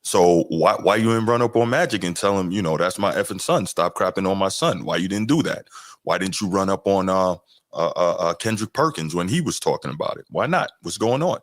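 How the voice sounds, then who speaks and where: Deep deep voice guy riffing on a podcast, dry close mic. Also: a little fast, no room sound. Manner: relaxed, chatty, with fillers and asides. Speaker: podcast host reacting to clips. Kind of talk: casual commentary.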